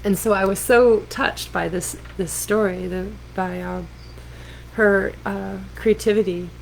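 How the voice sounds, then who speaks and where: A singer-songwriter woman telling a story on a livestream in a gentle, unhurried way with hesitant fillers, recorded on a laptop mic. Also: medium pitch, fairly even intonation, vocal fry, slight background noise, rough recording. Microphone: laptop computer mic.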